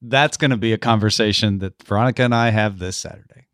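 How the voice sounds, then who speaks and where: A man's voice: on the low side, quick pace, fairly bright tone, no echo, studio quality. A man co-hosting a book podcast, joking around and explaining news items. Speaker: podcast co-host. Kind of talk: casual book podcast chat.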